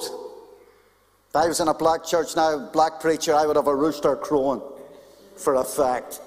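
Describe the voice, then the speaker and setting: A male pastor delivers a lively, conversational sermon in a church. His voice sits somewhat high for a man, and a long hall reverb trails each phrase. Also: measured pace, long pauses. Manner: animated, conversational preaching with humor.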